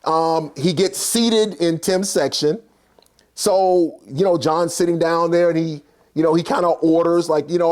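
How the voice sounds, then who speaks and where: A man with a notably high-pitched voice tells a personal story in a relaxed, conversational way. He keeps it animated, slipping into the voices of the people involved and filling the gaps with casual fillers. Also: moderate pace. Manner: animated, acts out characters, many fillers.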